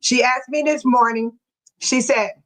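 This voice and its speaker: Picture an older woman hosting her own livestream, chatting with her viewers as if they were old friends. Her voice sits high and light, and she breaks into laughter as her stories run along. She talks to people by name and keeps it loose and unscripted. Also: steady tone, measured pace, poor audio. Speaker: livestream host. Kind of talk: casual chat to viewers.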